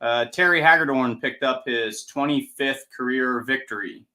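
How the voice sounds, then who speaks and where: A young man, a pulling-event announcer, chatting casually on a podcast and telling a lively story. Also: mid-range voice, normal speed. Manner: lively storyteller, acts out voices.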